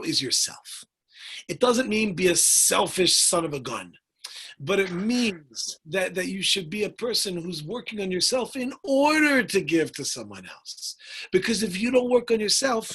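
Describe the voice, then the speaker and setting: A man teaching a Torah class as a rabbi, animated and acting out voices, with Spanish words dropped in. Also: high-pitched, breathy edge.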